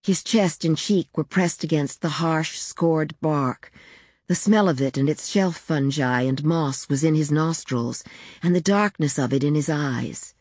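Low-voiced woman reading a literary tale. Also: a little slow, darkish tone, dry recording, clean studio sound. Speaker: narrator. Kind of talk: audiobook reading of literary fiction.

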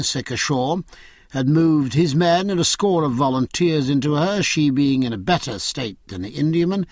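A man narrating a novel in an expressive, scripted reading. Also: fairly high pitch, no room sound, clean studio sound. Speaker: audiobook narrator.

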